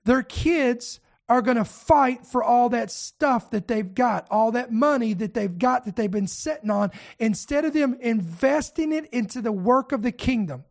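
A man's voice: very high-pitched, lively intonation, unhurried, vocal fry, hardly any pauses. A man preaching a sermon in an emphatic, repetitive style, often restarting his phrases.

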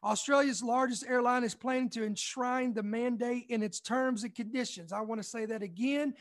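Kentucky-raised male commentator, young, emphatic, reads news and stresses key lines slowly. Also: extremely high pitch, fairly even intonation. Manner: emphatic, repeats points slowly for effect. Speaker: online commentary host.

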